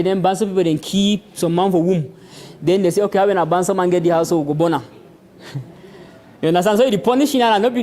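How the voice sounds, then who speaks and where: A young man with a Cameroonian Pidgin English accent gives an animated community lecture, chuckling often as he talks. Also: high-pitched, slight background noise. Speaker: workshop speaker. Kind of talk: community lecture on hate speech. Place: public venue.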